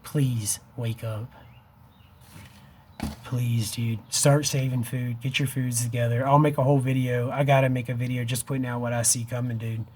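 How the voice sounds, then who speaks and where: A man in his fifties talks straight to his viewers in an urgent, pleading vlog, his voice wavering with emotion. His pitch sits in the middle of the male range, and he keeps throwing in "dude" and "man" between his pleas. A faint hum of ambient noise runs under the recording. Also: little pitch movement, fast, few pauses, a little mellow. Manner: emotional and wavering, near tears. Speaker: vlogger. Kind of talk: impassioned direct-to-camera vlog.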